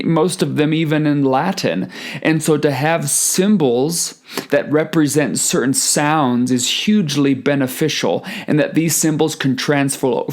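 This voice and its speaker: A man speaking at an unhurried, measured pace in a conference presentation. He explains choral rehearsal technique deliberately, the way a conductor walks colleagues through a score. His pitch sits in the ordinary middle range for a man.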